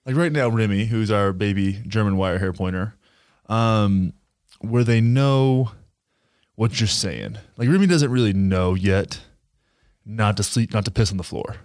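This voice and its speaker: Guy co-hosting a podcast, lowish voice, rambles and swears a lot, dry close sound. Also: a little slow, darkish tone, dry recording. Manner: rambling, profane storytelling. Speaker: podcast co-host. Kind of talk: casual chat.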